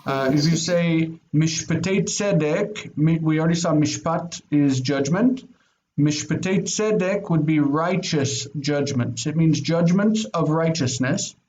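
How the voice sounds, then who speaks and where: A man teaching a Biblical Hebrew grammar lesson, explaining patiently and slowing down to spell out word forms. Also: fairly high pitch, a little mellow, lo-fi sound.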